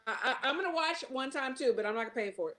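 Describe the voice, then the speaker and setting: A woman's voice: high-pitched, expressive, racing, sharp tone. Laughing Texan woman hosting a boxing chat. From Texas. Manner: laughs easily, restarts her phrases. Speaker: host. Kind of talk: casual chat.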